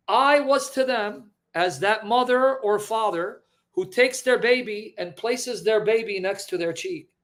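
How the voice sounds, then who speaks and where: A man with a notably high voice teaches scripture with passion. He keeps asking his listeners questions and shifts between forceful emphasis and quiet, hushed delivery. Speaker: Christian preacher. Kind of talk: impassioned Bible teaching.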